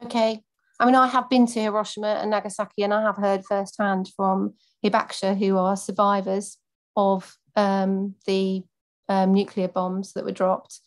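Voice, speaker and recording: A woman's voice: mid-range voice, flat delivery, normal speed. A woman campaigner speaking earnestly, giving a prepared speech and then answering questions off the cuff with many fillers.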